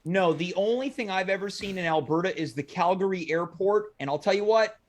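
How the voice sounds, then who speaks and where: A man's voice: sits high, brisk. A man hosting a comedic talk show. He talks like a boastful showman who keeps poking fun at himself. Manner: playful, self-mocking, boastful showman. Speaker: host.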